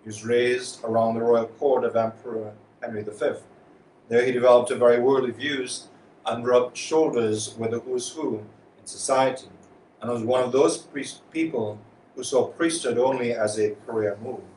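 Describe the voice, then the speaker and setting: A man, a priest, reading the Gospel and giving a homily at Mass with measured, steady delivery. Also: mid-range voice, a little hiss or hum. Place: church. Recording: echoey church from far off.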